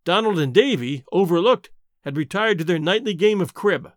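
A man narrating a short story aloud in an expressive storytelling manner. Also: high-pitched, normal speed, no echo, clean studio sound. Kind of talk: scripted narration.

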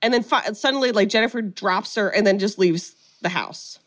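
A woman co-hosting a podcast, casually recapping a film and acting out the quotes with lively energy. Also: medium pitch, normal speed. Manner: animated storyteller, acts out quotes. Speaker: podcast co-host.

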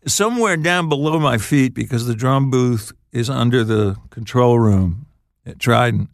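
An older man, a songwriter guest on an interview show, telling stories in a halting, laughing way. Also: medium pitch, creaky, dry recording, clean studio sound. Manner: halting, restarts phrases, laughs while telling. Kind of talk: casual storytelling interview.

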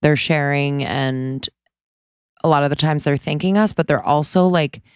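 A woman's voice: sits low, moderate pace, clear, resonant tone, no room sound, clean studio sound. A woman in her late twenties co-hosting a podcast, talking in a laid-back way with lots of "like". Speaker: podcast co-host. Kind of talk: casual chat.

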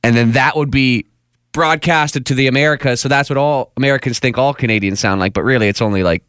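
A man's voice: mid-range voice, fast, a bit bright, clean tone, no echo, clean studio sound. A man co-hosting a radio show, chatty and joking, rambling through his theories. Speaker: radio co-host. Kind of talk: morning radio banter. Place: radio studio.

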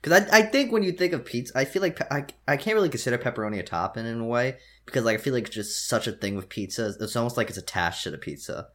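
A man's voice: medium pitch, lively intonation, fast talker, hardly any pauses, fairly bright tone. A man co-hosting a casual podcast, talking in loose run-on phrases full of fillers. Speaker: podcast co-host. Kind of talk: casual chat.

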